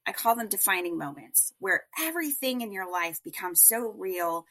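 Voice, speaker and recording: A woman guest on an interview show, telling a personal story in an emphatic, animated way. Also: medium pitch, normal speed. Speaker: guest entrepreneur.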